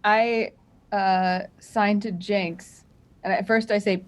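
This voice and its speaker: A woman playing a tabletop game, speaking in a deliberate, measured way. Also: medium pitch, steady tone. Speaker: player.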